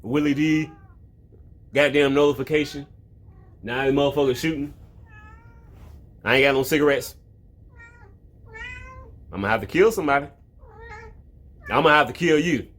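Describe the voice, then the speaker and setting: A man with a fairly high, somewhat bright voice speaks at normal speed but leaves long pauses. As an online video host at home with a cat in the room, he rambles through swear-filled comedic commentary and often breaks off mid-thought.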